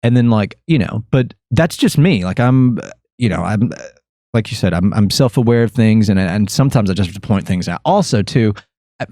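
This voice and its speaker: A man's voice: fairly low pitch, expressive, normal speed, dark tone, dry recording, clean studio sound. A man hosting a podcast, chatting casually and telling a story in an opinionated way, acting out both sides of the exchange. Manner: frequent restarts and repeated "I was like". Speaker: podcast host.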